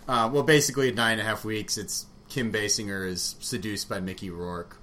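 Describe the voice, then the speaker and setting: A man in casual, frank conversation about a book, rambling with fillers and quick laughs. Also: on the low side, steady tone, bright, forceful tone. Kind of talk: casual chat about books. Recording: faint background noise.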